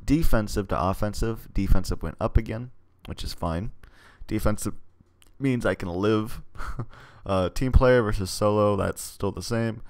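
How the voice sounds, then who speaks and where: A man's voice: on the low side, measured pace, a little mellow, no echo. A man playing through a text game, reading its story aloud with hesitant, rambling asides on his choices. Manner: rambling, hesitant asides between read passages. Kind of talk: casual let's play commentary and reading.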